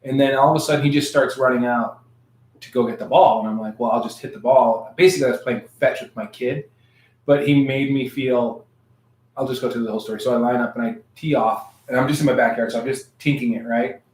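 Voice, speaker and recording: Man, casual podcast co-host, rambling stories, middle pitch, echoey room. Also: fairly even intonation, quick pace. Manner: rambling, laughs at own stories. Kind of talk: casual chat.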